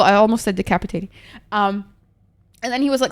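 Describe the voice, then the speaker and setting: A woman's voice: medium pitch, fast, pauses often. A young woman streamer telling rambling stories in casual chat while gaming. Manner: rambling, animated storytelling.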